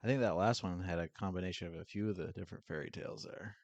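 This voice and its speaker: A man with a very low voice hosts a relaxed podcast conversation, mostly answering in short, easygoing replies. The audio is dry and slightly dull. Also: quick pace, no room sound. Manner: laid-back, brief replies. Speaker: podcast host. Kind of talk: casual chat.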